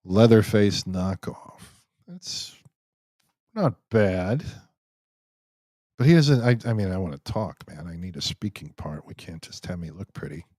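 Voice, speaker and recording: A man's voice: low voice, expressive, unhurried, a little mellow, dry recording. A man hosting a live Q&A stream, chatting casually as he reads out viewer comments and jokes around with many restarts. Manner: rambling and joking, many restarts.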